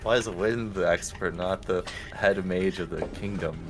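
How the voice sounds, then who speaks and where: A man playing in a tabletop game, chatty and quick to laugh. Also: low-pitched. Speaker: player.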